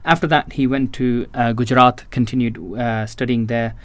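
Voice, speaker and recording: A man's voice: mid-range voice, steady tone, normal speed, fairly bright tone, dry recording. A man hosting a podcast, introducing his guest with many hesitations and restarts. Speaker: podcast host. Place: Birmingham.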